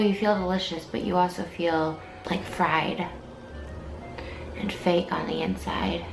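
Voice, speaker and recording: A woman rambles fast and meanders through her thoughts in a casual vlog. Her voice is gravelly with plenty of creak, and the room rings around her. Music plays clearly underneath. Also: medium pitch. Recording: echoey room recording.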